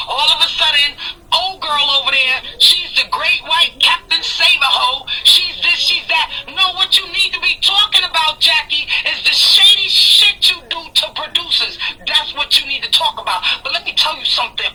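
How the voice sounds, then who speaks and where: Woman, high voice, very bright, defiant, blunt, cursing, faint line noise. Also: poor audio. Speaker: guest telling her side. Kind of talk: heated phone call storytelling.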